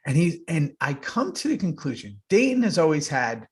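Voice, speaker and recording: A man co-hosting a podcast, telling animated stories in casual chat and swearing freely. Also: on the high side, moderate pace, husky. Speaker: podcast co-host.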